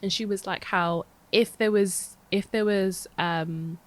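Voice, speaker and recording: A young woman talks over a podcast mic at an everyday middle pitch. She rambles easily through a long story, restarting sentences and leaning on fillers. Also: fairly even intonation, slow pace. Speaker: podcast co-host. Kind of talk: casual chat.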